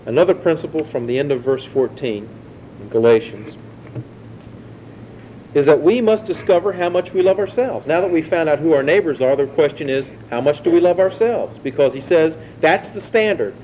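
A man delivering a sermon in a conversational teaching manner, often asking his listeners questions. His voice sits a bit higher than most men's but sounds mellow and dark. A faint low rumble runs under the recording. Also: animated, moderate pace, rough recording. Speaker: preacher.

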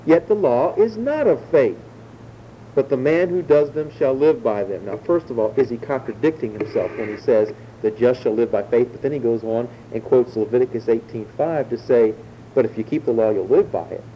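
A man preaching a Bible sermon, explaining verses in a measured teaching way and slowing down to stress key words. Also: medium pitch, warm tone, slight background noise, poor audio. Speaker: pastor.

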